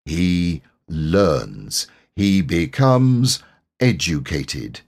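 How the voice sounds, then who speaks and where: Old storybook donkey, as a man puts him on: gloomy, deep-voiced, slow solemn drawl. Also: very animated, darkish tone, exaggerated voice.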